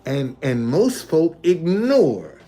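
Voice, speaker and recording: A man's voice: a little high, sing-song, takes it slowly, dark tone, faint music behind. Man repeating himself on a livestream. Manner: repetitive, loose conversational, restates points. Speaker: live streamer. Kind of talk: casual livestream talk. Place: hotel.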